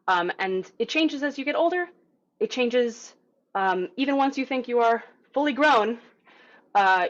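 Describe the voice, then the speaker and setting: A young adult woman coaching an online group voice lesson, calm and encouraging as she talks through breathing and resonance exercises. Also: a little high, dull audio. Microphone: video call mic.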